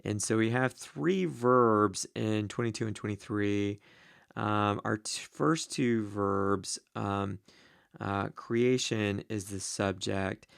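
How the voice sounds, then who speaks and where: A man teaching the Greek grammar of a Bible passage, slow and deliberate, with many ums and uhs. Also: on the low side, vocal fry, clear, resonant tone, dry recording, studio quality.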